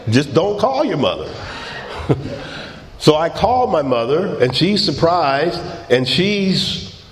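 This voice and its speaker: Middle-aged man sharing his story, unhurried, fairly high voice, echoey hall. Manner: storytelling, laughing, acting out quotes. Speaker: recovery meeting speaker. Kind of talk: personal testimony talk. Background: audience laughter.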